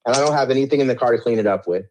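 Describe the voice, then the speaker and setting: A man's voice: mid-range voice, rapid-fire, a little mellow, slight background noise. A middle-aged man telling his story in an interview, rambling with many restarts and a defensive edge.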